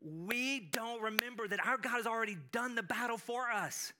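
A man preaching a sermon as pastor, animated, with frequent restarts and acted-out quotes. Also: extremely high pitch, moderate pace, noisy background.

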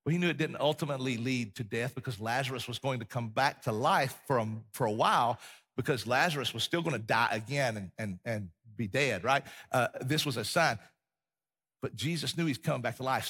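A man preaching a sermon as a pastor, telling the story vividly and acting out the scenes, sometimes dropping to a quiet, intense delivery. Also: medium pitch, fairly quick, slightly rough.

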